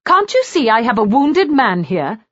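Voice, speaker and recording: A woman narrator voicing a fiery, sharp-tongued young noblewoman who snaps and gives orders. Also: on the high side, sing-song, normal speed, no echo, highs cut off, voice pushed up. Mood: sharp, scornful. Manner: snapping, scornful, commanding.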